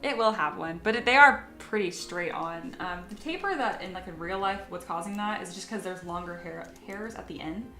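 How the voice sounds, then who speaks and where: A woman's voice: on the low side, moderate pace, hardly any pauses, echoey room, over music. A woman sculpting on a live stream, chatting casually with her viewers and reading their comments aloud, often poking fun at herself. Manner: chatty, self-deprecating, reads chat aloud.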